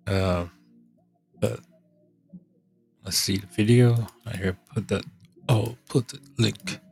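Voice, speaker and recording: A podcast host, a man with a congested, hoarse voice, rambling in casual chat, halting and trailing off as he thinks aloud. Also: lowish voice, steady tone, darkish tone, soft background music.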